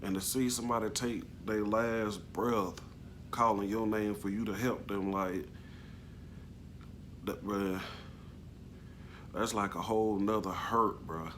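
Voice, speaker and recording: A man casually recounting a personal story, halting and slangy, with plenty of emotion. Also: lowish voice, steady tone, a bit bright, slight background noise. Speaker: vlogger telling a personal story.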